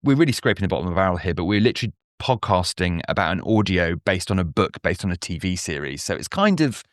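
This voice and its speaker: A man's voice: low-pitched, sing-song, fast talker, no room sound, studio quality. A man guest on a podcast, chatting casually with rambling, self-mocking asides. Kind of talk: casual chat.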